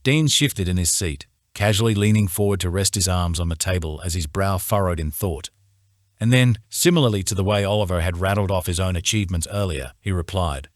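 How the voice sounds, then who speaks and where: Deep-voiced male audiobook narrator. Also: fairly quick, dry recording, clean studio sound. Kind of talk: scripted first-person narration.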